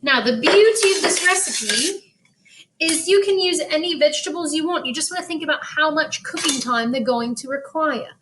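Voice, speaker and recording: A woman, a school choir director casually walking viewers through a recipe in a kitchen, chatty and quick to laugh. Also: high-pitched, expressive, background noise. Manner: chatty, laughs easily, plays along with banter. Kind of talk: casual cooking demonstration.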